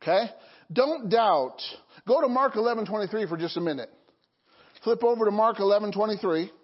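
Pastor, male, high voice, call-and-response sermon, dull lo-fi recording. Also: a little fast. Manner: call-and-response preaching, frequent "Okay?" and "Amen?".

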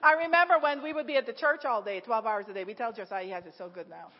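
Woman preacher, high voice, lively storytelling, laughs a lot, long church reverb, dull lo-fi recording. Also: fast. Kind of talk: sermon. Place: church sanctuary. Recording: echoey hall, dull lo-fi sound.

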